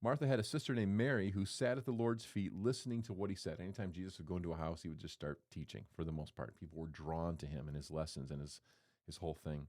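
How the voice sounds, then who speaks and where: A man's voice: deep voice, steady tone, fast talker, darkish tone. A man preaching a sermon in a conversational, playful way, acting out quotes as he goes. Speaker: pastor.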